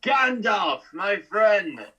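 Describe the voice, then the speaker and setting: A man taking part in a tabletop role-playing game, with a very bright, forceful tone. He jumps in eagerly, calling out what his character does. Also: sits high, big pitch swings, drawn-out words, husky, highs cut off. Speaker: player. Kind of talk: casual tabletop game play.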